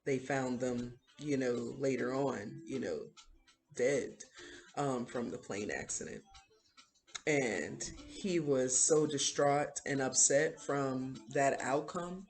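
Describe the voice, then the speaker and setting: A woman's voice: a bass voice, slow pace, a little mellow, faint music behind. A woman hosting a video who retells a series in a casual, rambling way, with many fillers. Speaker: video host. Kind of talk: casual show recap.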